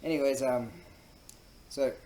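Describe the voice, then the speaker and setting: A man's voice: mid-range voice, fairly even intonation, unhurried, mellow. Rambling crude Australian man, echoey room. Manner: rambling, crude and profane, many fillers, laughs at own story. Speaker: host. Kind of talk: casual storytelling monologue. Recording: echoey room with faint ambient noise.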